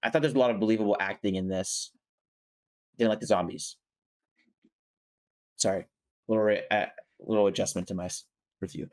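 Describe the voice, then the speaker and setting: A man's voice: lowish voice, fairly even intonation, brisk, long pauses, darkish tone. A man talking casually on a podcast, reviewing a movie with lots of fillers, restarts and apologies. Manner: rambling, frequent fillers and self-corrections. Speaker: podcast co-host reviewing a film. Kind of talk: casual chat.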